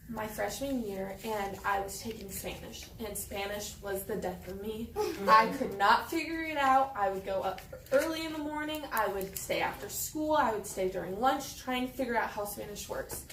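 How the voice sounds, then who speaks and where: A young woman with a slightly high voice tells a candid, wry personal story on stage. She is heard from a distance in an echoey hall with faint noise behind her. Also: a bit bright. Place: event hall with a live audience.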